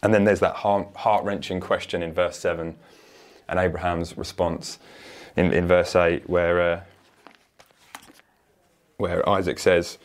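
A man's voice: low-pitched, steady tone, moderate pace. Earnest man preaching a sermon. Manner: earnest, emphatic, with restarts.

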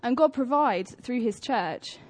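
A young woman with a British accent delivers a church sermon in a relaxed, conversational way. Her voice sits a little on the high side. She tells stories by acting out each character's lines. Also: measured pace. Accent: British English. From Britain. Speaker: church speaker. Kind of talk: sermon talk.

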